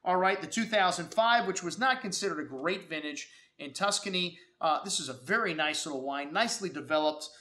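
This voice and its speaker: A man's voice: sits high, brisk, few pauses, pushed and bright. A man hosting a casual wine review, chatty and enthusiastic, with many fillers. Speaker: wine shop host. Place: wine shop.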